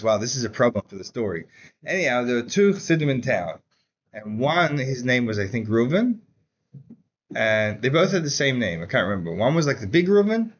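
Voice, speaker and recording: A man teaching a Chassidus class in a casual, animated storytelling way, saying "like" often. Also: medium pitch, dull audio. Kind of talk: Torah class lecture with storytelling.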